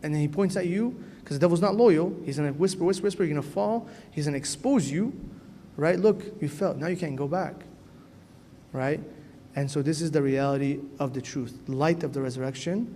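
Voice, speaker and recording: A man's voice: fairly high pitch, a little fast, mellow. A man who is a priest, giving an earnest, conversational sermon to young people in a church. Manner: earnest and conversational, often asks "right?". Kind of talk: sermon to a youth gathering. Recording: echoey church hall, faint noise.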